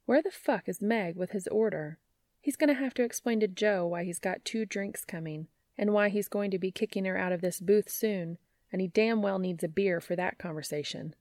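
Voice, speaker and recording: A woman narrating a story aloud in a wry, even reading voice, close to the mic. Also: mid-range voice, moderate pace, no room sound. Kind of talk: fan fiction audiobook reading.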